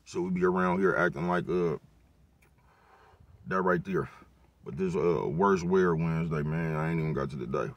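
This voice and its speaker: A vlogger offers life advice in a relaxed motivational monologue, speaking in a low voice and profane street slang. He keeps saying "you know what I'm talking about," talks at a normal speed, and leaves long pauses.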